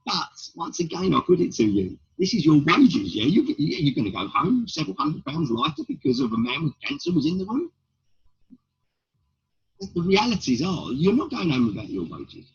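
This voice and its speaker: A middle-aged stand-up comedian with a high, gravelly, breathy voice tells blunt stories in an interview at a moderate pace, his pitch swinging hugely. He fires off rhetorical questions, and the recording is dull and lo-fi.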